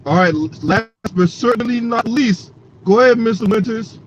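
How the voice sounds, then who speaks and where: A man's voice: extremely high pitch, normal speed. A man hosting a casual sports talk panel, emphatic and swearing freely. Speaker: host. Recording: dull lo-fi call audio with faint noise.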